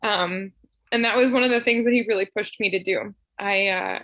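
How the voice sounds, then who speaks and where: A young woman from Tennessee sharing a heartfelt personal remembrance over a video call, soft and emotional, with frequent laughs and fillers. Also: medium pitch, normal speed, dry recording, rough recording. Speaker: memorial speaker.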